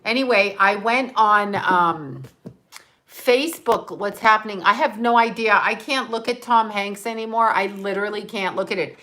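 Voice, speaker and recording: A woman's voice: mid-range voice, moderate pace, bright, forceful tone. A woman talking casually on a livestream, chatting, swearing freely and thanking viewers by name as she reads their comments. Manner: laughs often while talking. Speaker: livestream host.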